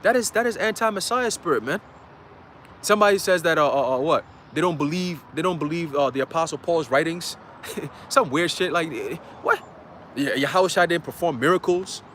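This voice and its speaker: A man's voice: a little high, lively intonation, normal speed, a bit bright, a little hiss or hum. A man preaching a casual livestream sermon in a loose, conversational way, full of fillers, reading scripture aloud.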